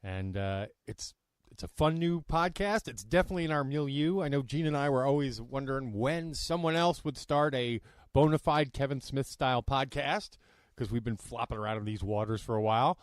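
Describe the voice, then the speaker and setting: A man's voice: mid-range voice, normal speed, smooth, dry recording, studio quality. A man hosting a podcast, introducing guests in a welcoming, announcer-like way. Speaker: podcast host.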